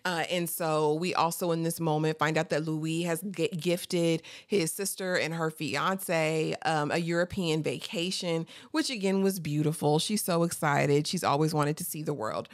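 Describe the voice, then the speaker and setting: Woman, chatty, animated, casual recap, lowish pitch. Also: measured pace, hardly any pauses, no room sound, clean studio sound. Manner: chatty, animated, laughs often, calls listener honey. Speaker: TV recap host.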